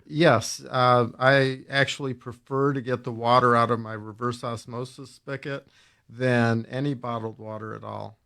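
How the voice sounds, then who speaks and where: A man's voice: mid-range voice, steady tone, moderate pace, gravelly, fairly bright tone. A man on a radio show as a home improvement expert, answering in brief, plain remarks. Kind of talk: casual radio chat.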